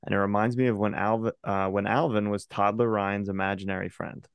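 A man's voice: on the low side, level tone, fairly quick, clear, resonant tone, dry recording, studio quality. A young man co-hosting a podcast, chatting casually and joking while reading out listener emails. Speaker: podcast co-host.

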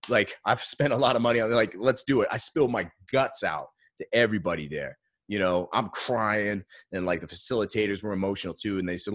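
A man telling a personal story in a casual interview, earnest and animated, often adding "man.". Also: fairly low pitch, no echo, studio quality. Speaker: guest.

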